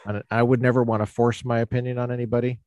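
A man's voice: mid-range voice, flat delivery, quick pace, darkish tone, dry recording. A man in his forties hosting a podcast, chatting casually, joking and rambling with many fillers. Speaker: podcast host. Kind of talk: casual interview chat.

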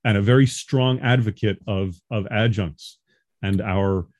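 Guy from long island on a video call, fortyish, lowish voice, dry sound, earnest and explaining, laughs a lot. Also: measured pace, a little mellow, dry recording. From Long Island, New York. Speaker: guest, adjunct professor. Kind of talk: casual interview talk.

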